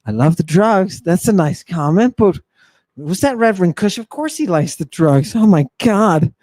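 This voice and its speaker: A man hosting a live lecture for viewers, talking in a theatrical, mocking, preacher-like way and stressing his words slowly. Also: high-pitched, big pitch swings, darkish tone, dry recording. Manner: slow and emphatic. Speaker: host.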